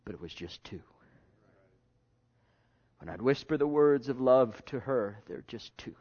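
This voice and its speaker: A male pastor preaching a sermon in a conversational way, repeating himself and jumping from hushed asides to loud bursts. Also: medium pitch, lively intonation, a little slow. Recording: dull lo-fi sermon recording.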